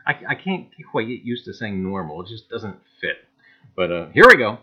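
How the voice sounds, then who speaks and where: Animated livestream host with a Jersey accent. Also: male voice, fairly low pitch, moderate pace, breathy edge. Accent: New Jersey. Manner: animated, greets viewers by name, many "uh"s. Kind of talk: live-stream chat. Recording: dull lo-fi stream audio.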